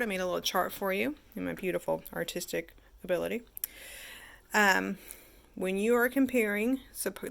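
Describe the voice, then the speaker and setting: A woman's voice: medium pitch, creaky, a bit bright. A woman teacher giving a chatty grammar lesson, asking her class questions and answering them herself.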